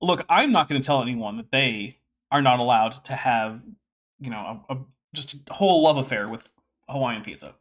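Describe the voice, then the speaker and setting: A man's voice: medium pitch, expressive, normal speed, fairly bright tone. Wry man hosting a casual stream. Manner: wry, sarcastic asides, reads text aloud. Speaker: host. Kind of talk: casual commentary livestream.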